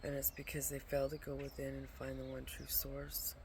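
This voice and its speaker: Weary gravelly voice, rambling vision talk. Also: mid-range voice, completely flat delivery, brisk. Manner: rambling, swears often, drops into whispers. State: exhausted from lack of sleep. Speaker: spiritual vlogger sharing visions. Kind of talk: casual spiritual monologue. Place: at home with a pet dog nearby. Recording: noisy home recording.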